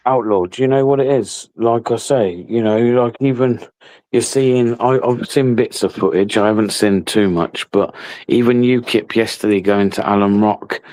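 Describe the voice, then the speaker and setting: A very low-voiced man hosting a late-night live chat stream. He talks bluntly and opinionatedly, circling back over his points and swearing freely. His voice is close and dry, with no room sound. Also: normal speed, a little mellow, dry recording. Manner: opinionated, repeats himself, casual swearing.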